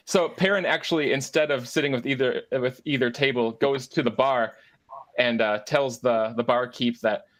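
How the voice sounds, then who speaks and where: A man's voice: medium pitch, normal speed, a bit bright. Hesitant male game master narrating. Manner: hesitant, many fillers and restarts.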